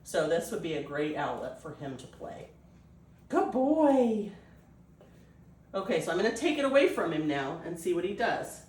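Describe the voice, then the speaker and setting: A woman breeder explaining a puppy temperament test, switching between high coaxing puppy talk and calm explanation. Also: fairly quick, hardly any pauses, far from the mic. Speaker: dog breeder. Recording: echoey room, voice off-mic.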